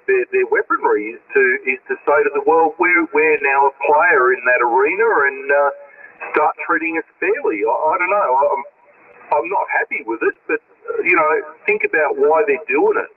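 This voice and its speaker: A man talking on CB radio in a measured, hesitant, questioning way. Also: a little high. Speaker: CB radio operator. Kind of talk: radio chat. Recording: distant tinny radio line with hiss.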